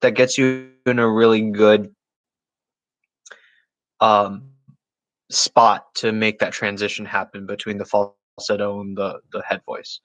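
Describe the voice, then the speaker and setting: A man answering viewer questions on a casual live stream, chatty and halting, with many restarts and repeated words. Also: lowish voice, little pitch movement, a bit bright, dull audio. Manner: chatty, talks directly to chat viewers.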